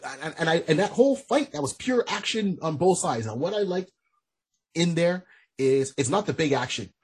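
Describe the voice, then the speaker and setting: A man co-hosting a casual podcast who rambles and restarts his sentences as he talks. His pitch sits in the middle. His voice is extremely clear and smooth. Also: expressive, moderate pace. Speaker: podcast co-host. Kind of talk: casual chat.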